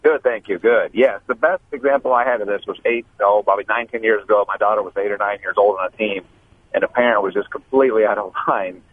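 Fast-talking male caller on a tinny phone line. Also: fairly low pitch, no room sound. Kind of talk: phone-in anecdote.

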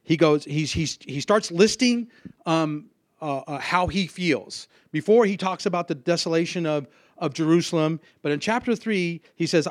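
A man giving an informal sermon, earnest and halting, with many restarts. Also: on the high side, dry recording, clean studio sound. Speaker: lay preacher.

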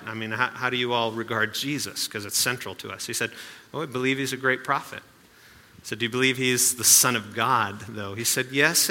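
A man's voice: mid-range voice, bright, forceful tone, big-room sound. A male pastor giving a sermon in a conversational way, with asides and rhetorical questions.

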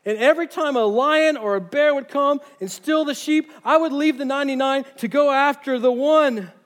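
A man's voice: very high voice, moderate pace, a bit bright, voice pushed up. Man voicing a fearless young shepherd. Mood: pleading. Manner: earnest, pleading, emphatic. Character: bold teenage shepherd boy, fearless, urgent.

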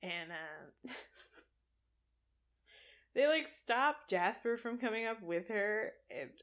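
A woman's voice: fairly high pitch, lively intonation, takes it slowly, a bit bright. A woman casually recapping a film plot, chatty and wry, often laughing as she goes.

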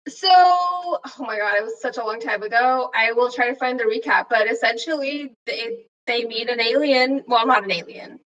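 A woman's voice: a little high, moderate pace, few pauses, fairly bright tone, far from the mic, dull audio. A woman guest on a casual podcast chat, earnestly explaining a point.

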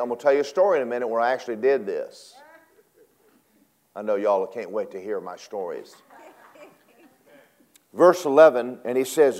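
A man preaching a sermon in a church, dramatic, swinging from shouts down to hushed whispers. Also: medium pitch, expressive, moderate pace. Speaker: pastor.

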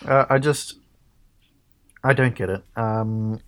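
A man's voice: mid-range voice, slow pace, fairly bright tone. A man giving casual commentary, thinking aloud with many ums and restarts. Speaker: co-host reacting to a debate.

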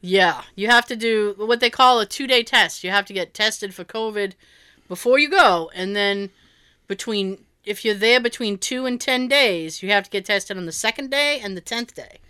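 Bright, animated woman storyteller. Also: mid-range voice, normal speed, clear, resonant tone. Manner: animated, swears freely, laughs often. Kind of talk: casual storytelling chat.

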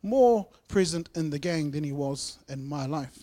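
Kiwi guy telling his testimony at church, slightly high voice, earnest, goes loud then quiet. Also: animated, a little slow. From New Zealand. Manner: earnest, heartfelt storytelling with loud and soft swings. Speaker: guest speaker sharing testimony.

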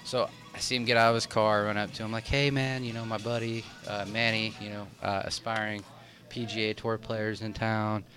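A man's voice: on the low side, flat delivery, normal speed, sharp tone, faint music behind. A young man telling a long story in casual chat, rambling with many restarts and fillers.

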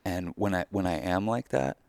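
A man's voice: low-pitched, moderate pace, vocal fry, darkish tone, dry recording. A man co-hosting a podcast, talking in a reflective, candid way and swearing casually. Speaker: podcast co-host. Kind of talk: casual chat.

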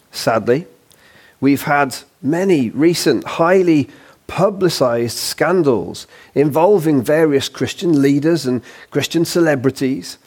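A man's voice: a little high, a little mellow, slightly rough. A man preaching a sermon as a guest speaker, in a chatty, informal way with rhetorical questions.

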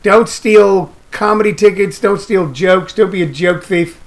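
High-voiced guy doing a loose, jokey radio rant, lots of uhs. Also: measured pace, vocal fry. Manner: loose, riffing, repeats phrases, frequent uh fillers. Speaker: radio host. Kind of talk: rambling comedic radio rant.

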